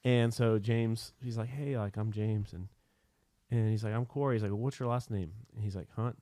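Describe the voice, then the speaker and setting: A man's voice: on the low side, steady tone, normal speed, dark tone, dry recording. A man hosting a podcast, chatting casually and telling laid-back anecdotes with the odd swear word. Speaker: podcast host.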